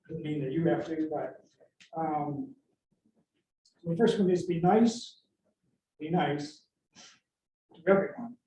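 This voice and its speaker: A middle-aged man tells animated stories, and his voice sits fairly high yet mellow and soft. He is recorded from a distance, in a very echoey room with a faint noise bed. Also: highs cut off. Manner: animated anecdotal storyteller, acts out quotes. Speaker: inventor giving a talk. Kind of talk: storytelling talk with advice.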